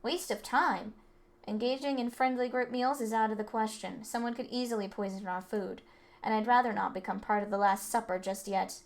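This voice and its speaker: A woman's voice: a little high, steady tone, moderate pace, natural voice. Brief: haughty cold rich-kid heir, read by a woman, condescending. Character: arrogant rich teen boy heir, cold. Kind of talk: reading game dialogue aloud.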